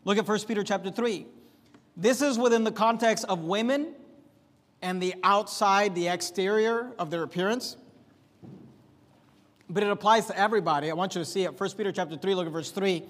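Pastor mid-sermon: male, high voice, emphatic swings up and down, church-hall reverb. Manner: emphatic, rising and dropping sharply for effect.

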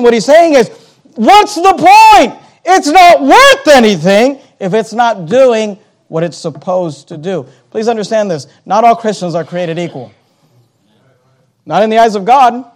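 A man preaching a sermon, emphatic, slowing down on key words, repeating phrases and turning to the congregation with asides. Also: extremely high pitch.

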